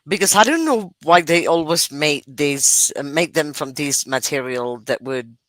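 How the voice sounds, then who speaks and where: Deep-voiced woman talking real slow, lots of uh's, dry close sound. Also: expressive, fairly bright tone, no room sound. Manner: unhurried, halting, with fillers. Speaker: guest, medical interpreter. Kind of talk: casual chat.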